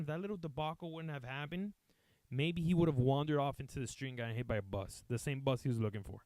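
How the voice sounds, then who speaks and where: A man's voice: a little high, fast talker, dry recording. A man, a comedian, telling a rambling, profane story casually to his live chat. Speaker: comedian and streamer.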